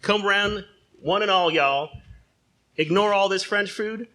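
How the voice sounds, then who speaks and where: A man voicing a folksy male corn-farm salesman who pitches canned flan like a loud pitchman. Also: measured pace. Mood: salesy, boisterous.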